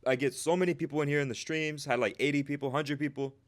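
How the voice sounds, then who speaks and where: A man with a slightly high, steady voice talks at a quick pace. Coaching traders on a live stream, he's casual and talkative, names people in the chat, and checks in with viewers by tacking "right?" onto nearly every point.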